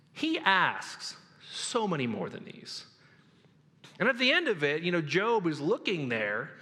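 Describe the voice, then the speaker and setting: A male pastor preaching an animated sermon, with a high, bright voice. The sound rings through a large church hall with a long reverb. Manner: animated, jokey. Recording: echoey hall.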